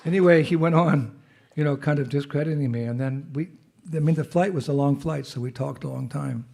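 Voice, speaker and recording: Husky monk with a cold telling a story. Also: male voice, a little high, brisk, darkish tone. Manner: chatty storyteller with laughs, calls out jai responses. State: has a cold, clearing his throat. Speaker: visiting monk speaker. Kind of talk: informal talk to a temple gathering.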